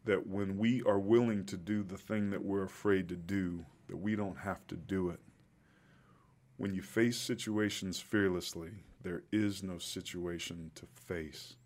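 A man's voice: low voice, fairly even intonation, measured pace, darkish tone. A middle-aged man, a guest telling a personal story in an earnest, reflective way, emotional at times.

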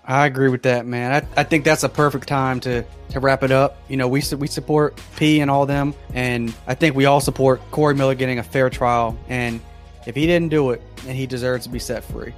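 Calm male podcast host wrapping up. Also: mid-range voice, brisk, faint music behind.

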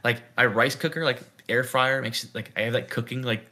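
Bright-voiced young man rambling casually. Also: mid-range voice, steady tone, fairly quick. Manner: rambling, heavy use of "like", thinks aloud. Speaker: podcast co-host. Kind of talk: casual chat.

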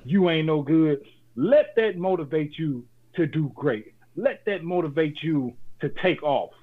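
A man's voice: a little high, lively intonation, a little slow. A man co-hosting a casual podcast, talking in a laid-back, joking way and giving motivational advice. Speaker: podcast co-host. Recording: phone-like lo-fi audio.

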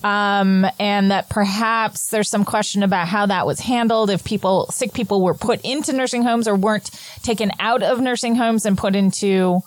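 A woman's voice: medium pitch, fairly even intonation, normal speed, few pauses, no echo. A woman hosting a podcast, chatting casually in an earnest, talkative way. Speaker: podcast host. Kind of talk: casual chat.

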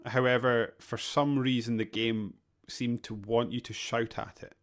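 A man's voice: medium pitch, little pitch movement, measured pace, a bit bright. A man in a casual gaming podcast chat, easygoing and laughing often, often restarting his sentences. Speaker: podcast co-host.

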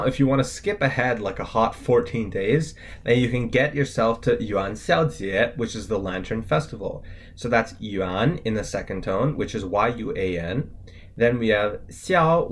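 A man co-hosting a scripted language lesson, spelling out words letter by letter with their tones in a casual, upbeat way. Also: on the low side.

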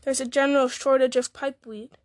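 A woman's voice: sits high, steady tone, fast, dry recording, lightly acted. Breezy young hobbit lad, read by a woman.

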